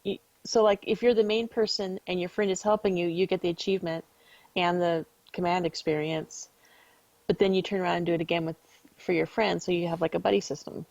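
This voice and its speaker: A woman with a low, gravelly voice co-hosts a casual gaming podcast. She talks in a chatty way and hedges her points. Her audio is dry and a little dull. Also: steady tone, fairly quick, darkish tone, dry recording. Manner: chatty, laughs easily, hedges. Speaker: podcast co-host.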